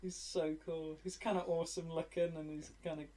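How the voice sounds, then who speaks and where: A man's voice: a little high, level tone, fairly quick, mellow, a little hiss or hum. A man co-hosting a casual alternate film commentary, laughing often and swearing freely.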